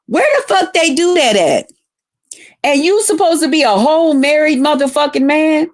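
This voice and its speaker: A woman on a livestream rants through a long grievance, swearing freely and looping back on her own points. Her voice sits a little high, and she breaks off now and then to greet viewers by name. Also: lively intonation, normal speed. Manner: profane, rambling storytelling, greeting viewers mid-story. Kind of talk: casual livestream rant.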